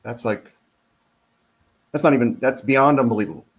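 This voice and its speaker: A middle-aged American man, a retired police officer, reads through a report and offers casual commentary that is blunt, profane, animated and heated. He speaks at a moderate pace in a mid-range voice.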